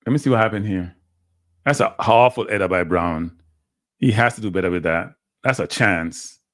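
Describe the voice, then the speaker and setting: A man's voice: deep voice, moderate pace, fairly bright tone, dry recording, clean studio sound. A man hosting a live watchalong, calling football play-by-play with blunt, frustrated fan commentary. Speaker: watchalong host.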